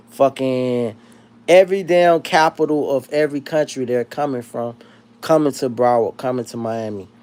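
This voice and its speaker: A man from South Florida hosts a livestream, casually chatting and reading comments in a mid-range voice. He's profane and animated, rambling and restarting his sentences.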